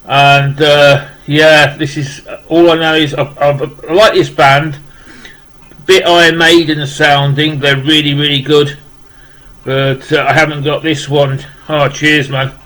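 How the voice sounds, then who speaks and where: Man, slightly high voice, flat monotone delivery, rambling casual unboxing chat. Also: slow pace, poor audio. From West Midlands, England. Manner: rambling, repeating "wow" and restarting with many fillers. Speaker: vlogger opening a parcel of rock music gifts.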